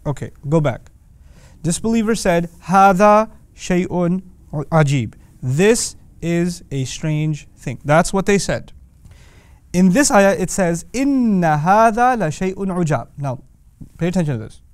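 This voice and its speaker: Male lecturer, fairly high voice, emphatic and animated, dry close-mic recording. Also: moderate pace, clear, resonant tone, no room sound. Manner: animated, rhetorical questions, emphatic. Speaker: Quran teacher.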